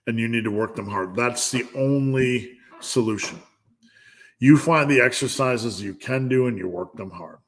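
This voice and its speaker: Reading questions from viewers during a live Q&A, a middle-aged man answers with blunt, humorous lifting tips in the style of a strength coach. His mid-range voice moves at a normal speed, and he restarts often.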